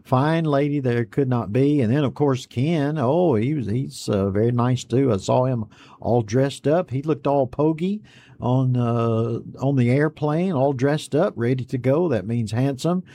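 Hosting an online Bible study program, a man reads each viewer's greeting aloud and then chats back in a relaxed, folksy, unhurried way. His voice is dark and mellow, with pitch in a middle range.

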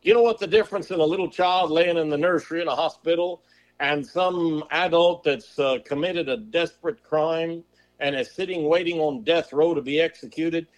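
A male preacher giving a sermon, firing off rhetorical questions in a folksy way of talking and slowing to a drawl on scripture. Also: on the high side, dull audio. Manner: slows and drawls on scripture quotes; folksy turns of phrase.

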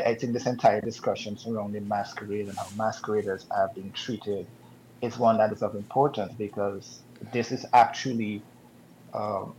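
A man hosting a talk show, speaking in a measured way with frequent ums, over dull, lo-fi broadcast audio. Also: lowish voice, a little mellow, slight background noise. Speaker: radio talk show host.

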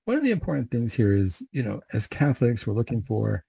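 A middle-aged man who leads recited prayers, then gives a measured, conversational spiritual reflection. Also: medium pitch, sing-song, vocal fry, dark tone, husky, no room sound, rough recording. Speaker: Catholic prayer leader and speaker.

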